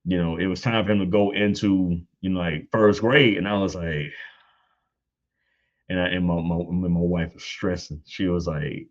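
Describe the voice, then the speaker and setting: A man in his thirties tells stories about his son in a casual, animated way, laughing often. His speaking voice sits very low, but he leaps up high to act out what people said. The recording sounds a little dull and lo-fi. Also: normal speed. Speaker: guest on church panel. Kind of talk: casual storytelling.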